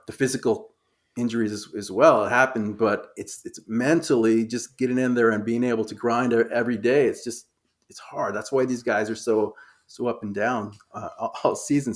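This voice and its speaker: A man talking as a guest on a casual baseball podcast, animated and acting out what players say. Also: medium pitch, moderate pace. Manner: animated, acts out players' quotes.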